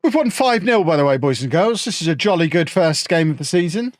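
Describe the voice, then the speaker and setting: A man from England chats his way through a football management game on a live stream, joking and answering his viewers. His voice sits a bit high for a man. The sound is dry and close. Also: animated, fairly quick, no room sound. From Peterborough, England. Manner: chatty, joking, answering chat. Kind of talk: casual live-stream chat.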